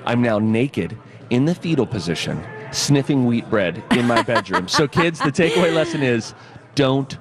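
A male morning radio co-host in casual banter, telling animated comic stories into a studio microphone. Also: medium pitch, moderate pace, loud music behind the voice.

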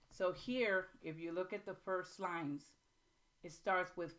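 A woman hosting a writing workshop, explaining in an informal, halting way with frequent pauses and restarts, and reading passages aloud slowly. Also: fairly low pitch, steady tone, fairly bright tone. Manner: reads excerpts aloud slowly. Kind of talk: informal teaching talk.

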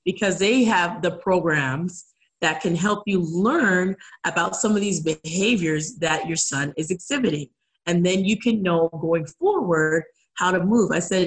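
A woman's voice: lowish voice, a little slow, poor audio. A woman guest speaking earnestly in a casual interview, acting out the voices of people she quotes. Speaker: guest, community advocate.

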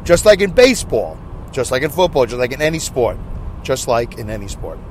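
A man hosting a casual solo podcast, rambling excitably and loudly with many asides, with faint noise behind him. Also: medium pitch, a little fast. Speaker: podcast host. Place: in his car.

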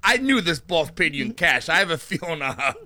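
Bright, high-voiced brash male co-host. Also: very animated, fairly quick. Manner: brash, profane banter. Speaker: podcast co-host. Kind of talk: casual podcast chat.

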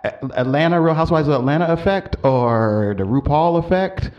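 A man's voice: a little high, moderate pace, muffled recording. A man co-hosting a podcast in casual chat, telling bawdy, wisecracking stories.

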